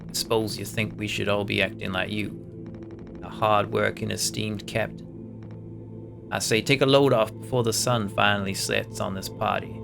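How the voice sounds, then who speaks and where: A man's voice: lowish voice, fairly even intonation, moderate pace, gravelly. A man doing a sneering, bitter shipmate. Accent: vague non-American accent, improvised. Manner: intense, mocking, drawling. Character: bitter, sneering man taunting a drunk captain. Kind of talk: reading game dialogue aloud in character. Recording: game music playing behind. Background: game music.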